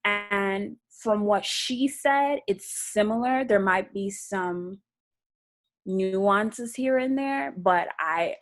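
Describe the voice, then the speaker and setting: Relaxed woman interview guest. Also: mid-range voice, very slow. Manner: relaxed, laughs often, self-correcting. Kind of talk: casual video-call chat. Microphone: video call.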